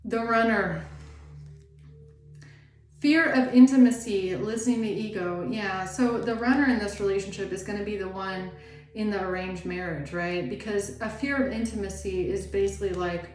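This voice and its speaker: A woman talks through a tarot reading in a loose, rambling way, leaning on "like" between thoughts. Her voice sits at an ordinary pitch for a woman. It rings in a roomy, echoey space with a faint hiss of background noise. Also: normal speed. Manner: rambling, chatty, heavy on "like". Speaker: tarot reader.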